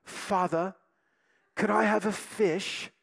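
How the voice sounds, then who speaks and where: A man's voice: sits high, steady tone, slow pace, creaky, no echo, clean studio sound, pitched above the performer's own voice, heavily acted. A man putting on a mock British accent to play a young boy asking his father for food. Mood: pleading. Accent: put-on British.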